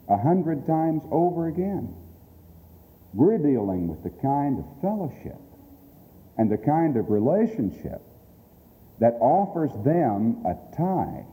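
A man's voice: mid-range voice, mellow. A man giving a sermon-style address about radio outreach. He speaks earnestly and stresses his points through emphatic repetition. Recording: long hall reverb.

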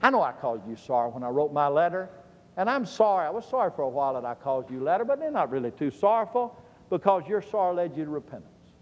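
Emphatic preacher in a reverberant hall. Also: male voice, on the high side, big pitch swings, fast talker, a little mellow. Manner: emphatic, asks the audience questions and answers them. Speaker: preacher teaching a Bible lesson. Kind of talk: sermon-style Bible lesson. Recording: long reverb of a large hall.

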